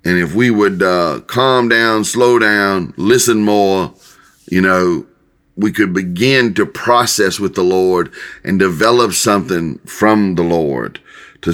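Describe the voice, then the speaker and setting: An older male pastor speaks in a loose, conversational sermon style, stopping and restarting his phrases often. His voice sits fairly low but has a bright, forceful edge. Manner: folksy, halting, many restarts and fillers. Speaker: pastor and Bible teacher.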